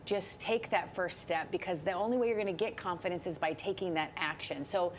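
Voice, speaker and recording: A woman's voice: on the low side, a little fast, slight background noise. A woman in her fifties from Minnesota, a guest author on a TV interview, coaching listeners emphatically with rhetorical questions. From Minnesota, USA. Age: 50s. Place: TV studio.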